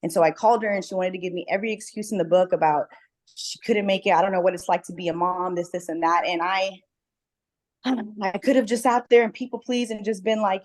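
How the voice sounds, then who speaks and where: On a video group call, a woman of medium pitch talks a little fast in a steady tone. She belongs to a book club and is about to host an event, chatting casually yet earnestly, stressing points by repeating words.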